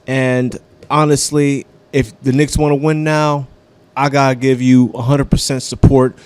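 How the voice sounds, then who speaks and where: A man's voice: mid-range voice, flat delivery, measured pace, a little mellow, smooth. A man hosting a comedy radio show, giving a casual, profane sports rant like a devoted fan.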